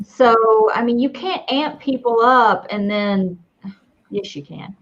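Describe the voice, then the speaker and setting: Southern lady ranting on a podcast, high voice, blunt and fired up, muffled lo-fi mic. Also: slow. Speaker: podcast co-host. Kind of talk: casual chat. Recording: dull lo-fi sound.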